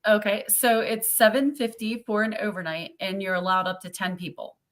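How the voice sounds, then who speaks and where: A woman's voice: medium pitch, steady tone, moderate pace, fairly bright tone. Woman, mid-range voice; chatty stream guest who laughs easily and acts out the people she quotes. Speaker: owner of a haunted site, guest. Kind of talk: casual live-stream chat.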